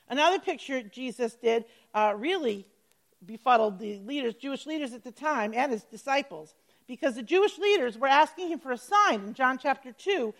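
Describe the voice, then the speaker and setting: A woman's voice: sits high, rough recording. A woman Bible teacher giving a conversational teaching with prayer, chatty and checking in with her listeners.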